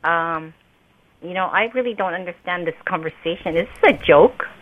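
A woman's voice: fairly low pitch, moderate pace. A woman answering a phone call, polite, puzzled and patient. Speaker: prank call target. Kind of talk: phone conversation. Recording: tinny phone line.

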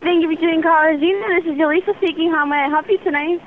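A young woman working at a fast food counter, polite and reassuring, repeatedly checking in with "okay". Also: extremely high pitch, fairly even intonation. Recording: dull phone line with faint noise.

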